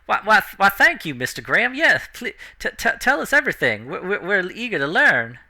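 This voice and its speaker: A man's voice: mid-range voice, brisk, pushed and bright. A man voicing an eager, fawning male villager with a Southern US twang who stammers with excessive politeness.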